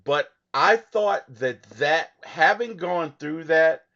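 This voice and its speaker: A man in casual conversation about a film whose pitch swings widely as he talks with earnest emphasis. He often restarts his sentences. The recording sounds slightly dull and lo-fi. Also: animated, takes it slowly, bright, forceful tone. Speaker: movie podcast co-host. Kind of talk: casual movie discussion.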